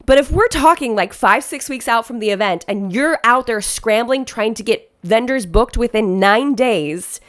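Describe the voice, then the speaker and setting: A woman's voice: on the high side, moderate pace, few pauses. A woman wedding planner giving chatty, emphatic reaction commentary for an online video. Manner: emphatic, animated, chatty with frequent laughs.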